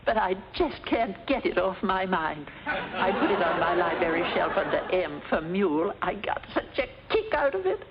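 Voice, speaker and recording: A woman's voice: on the low side, big pitch swings, normal speed, over a noisy crowd. An actress playing a dotty, rambling older woman in a 1950s sitcom, dreamy and meandering. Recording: dull lo-fi 1950s TV audio.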